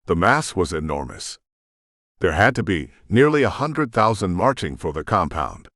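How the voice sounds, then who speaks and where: A man narrating a first-person fantasy audiobook with intense, expressive storytelling, on a close studio mic. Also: low voice, normal speed, dry recording.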